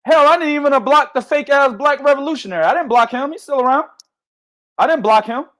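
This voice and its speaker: A man hosting a boxing podcast, talking in a loud, passionate and profane casual way. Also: very high voice, a little fast. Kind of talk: heated casual chat.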